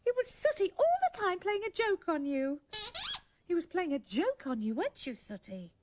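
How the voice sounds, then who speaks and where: A children's show presenter, a woman with a very high voice that swoops wildly up and down. She coaxes her puppets and cracks corny jokes. Loud old-tape hiss sits under everything. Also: very animated, moderate pace. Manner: cheerful, coaxing, corny jokes.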